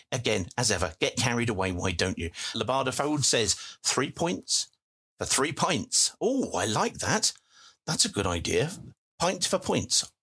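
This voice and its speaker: A man's voice: fairly low pitch, a bit bright, slightly rough. A man hosting a live football chat, reading out listener messages with jokey asides. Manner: jokey, chatty, reads messages aloud with quick asides. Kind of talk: casual live audio chat. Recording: live audio stream.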